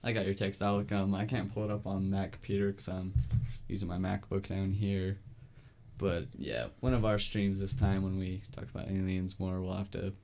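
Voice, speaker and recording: Casting: laid-back male podcast co-host, low voice, rambling filler speech. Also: level tone, normal speed, creaky, a little mellow. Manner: easygoing, filler-heavy, reads chat aloud. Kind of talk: casual chat.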